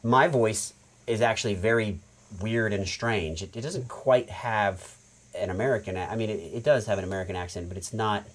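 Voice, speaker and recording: A man who works as a voice actor, a guest in a casual chat, telling lively anecdotes and acting out quotes. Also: lowish voice, normal speed. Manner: animated anecdote-teller who acts out quotes.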